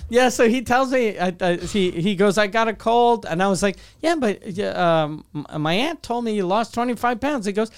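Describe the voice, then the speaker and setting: A man's voice: high-pitched, lively intonation, moderate pace, hardly any pauses, smooth. A man telling a long, rambling personal story in casual chat, swearing often and restarting his sentences.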